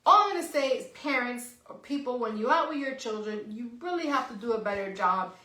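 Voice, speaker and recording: Middle-aged woman podcast co-host, bright and slightly high voice, animated and blunt, swears a lot. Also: a little fast. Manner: animated, swears freely, says "right?" often. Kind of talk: casual storytelling chat. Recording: echoey room.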